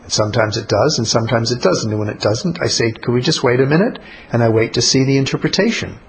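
A man teaching about prayer in a relaxed, conversational way, blunt and colloquial. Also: medium pitch, fast, a little hiss or hum, rough recording. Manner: blunt, colloquial, acts out little spoken exchanges.

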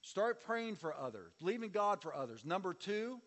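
Male pastor, high voice, sermon with call-and-response, long hall reverb. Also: very animated, normal speed, fairly bright tone. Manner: preaching with audience call-and-response and sweeping shifts in volume.

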